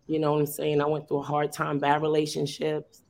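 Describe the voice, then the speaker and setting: Her deep, darkish voice moves fairly quickly with a completely flat delivery. She's a teacher who founded a youth program, sharing casually and earnestly at length on a video call, filling it with fillers and restarts.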